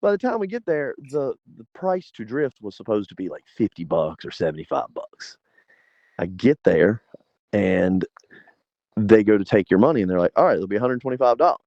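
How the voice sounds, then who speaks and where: A South Carolina man in his forties, appearing as an interview guest, tells a story in a casual, laughing way, animatedly acting out the people in it. His voice sits on the low side at a moderate pace, and the recording is dry with no room sound and a slightly dull lo-fi quality.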